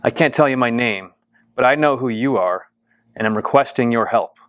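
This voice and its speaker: A man's voice: medium pitch, moderate pace, a bit bright, no room sound, clean studio sound, close to an everyday voice. A man reading the lines of a desperate woman data scientist who hides her identity, urgent and pleading.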